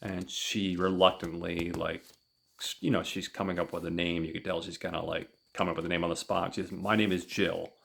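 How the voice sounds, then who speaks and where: Deep gravelly guy recapping a comic on his podcast, lots of ums. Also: little pitch movement, a bit bright. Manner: halting, many fillers. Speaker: podcast host. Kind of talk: casual comic book recap.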